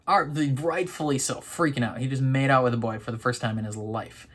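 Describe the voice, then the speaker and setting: A man's voice: mid-range voice, a little fast, few pauses, fairly bright tone. A man hosting a reaction video, chatting casually in a rambling way, laughing often and restarting his sentences with lots of fillers.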